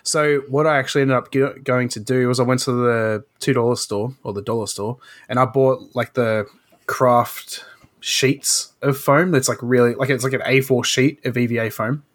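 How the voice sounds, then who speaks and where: Relaxed rambling man on a podcast. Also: medium pitch, normal speed. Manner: relaxed, rambling, many fillers. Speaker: podcast co-host. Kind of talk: casual podcast chat.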